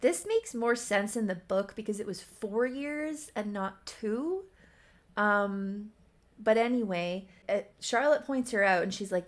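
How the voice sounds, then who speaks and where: A woman's voice: mid-range voice, expressive, unhurried. A woman reading her own old story aloud in a casual, amused way, with wry asides. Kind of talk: casual riffing read-aloud.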